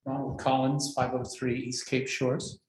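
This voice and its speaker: A man giving a measured public comment at a city council hearing, hesitating with many fillers and speaking in formal phrases. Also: medium pitch, level tone, darkish tone. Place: council chamber. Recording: echoey meeting room.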